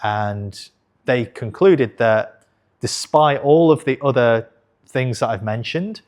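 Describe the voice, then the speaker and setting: This man in his thirties, who hosts an investing channel, has a mid-range, slightly mellow voice and takes his time. He recounts a personal story to camera openly and conversationally, cursing offhandedly and fixing his words mid-stream.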